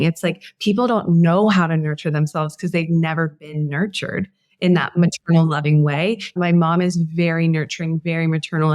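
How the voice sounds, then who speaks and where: A woman's voice: lowish voice, darkish tone, no echo, studio quality. Earnest, heartfelt woman podcast host. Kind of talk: casual conversation.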